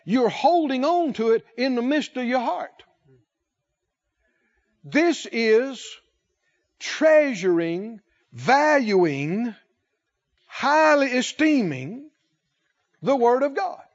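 Slow, emphatic high-voiced male preacher. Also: big pitch swings, lo-fi sound. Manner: slow, emphatic delivery, drawing out key words and asking the congregation questions. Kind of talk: sermon.

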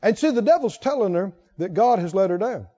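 Preacher guy, really high voice, kinda dull lo-fi recording, goes quiet then gets loud. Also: animated, a little fast. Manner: storytelling, swinging from hushed to emphatic. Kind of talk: sermon with personal story. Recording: dull lo-fi sound.

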